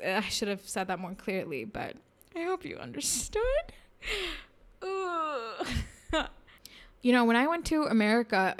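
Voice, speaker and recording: A woman's voice: mid-range voice, clear, resonant tone. A young woman from India talking frankly in a candid personal monologue, laughing often and sounding a bit self-conscious.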